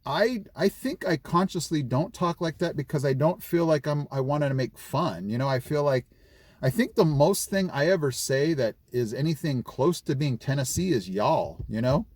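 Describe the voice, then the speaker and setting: A man's voice: fairly high pitch, animated, moderate pace, darkish tone, no room sound. A middle-aged man from California chatting casually in a vlog, rambling with lots of fillers and restarts. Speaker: vlogger.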